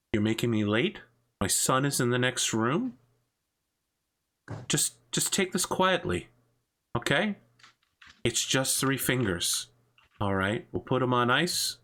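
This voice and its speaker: A man voicing an older male crime boss and father who speaks with cold, menacing calm. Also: medium pitch, a little slow, long pauses. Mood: coldly menacing.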